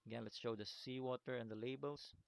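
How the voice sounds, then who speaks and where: A man with a smooth, resonant voice walks students through a screen-recorded lesson. He repeats key points and keeps checking understanding. The sound is close and dry, with no room around it. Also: medium pitch, steady tone, brisk, dry recording. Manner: repetitive, stops to check understanding with "okay?" and "right?"; apologetic chuckles at his own slips. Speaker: teacher.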